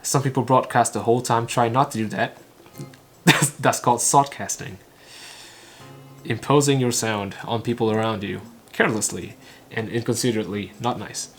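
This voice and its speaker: A man works his way through a recorded talk, echoing it in short, clipped phrases. He trips on words and restarts them often, at a middling pitch, with faint music behind him. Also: steady tone. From Vietnam. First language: Vietnamese. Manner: halting, clipped phrases with frequent stumbles and restarts. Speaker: English learner and channel host. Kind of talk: shadowing a recorded talk line by line.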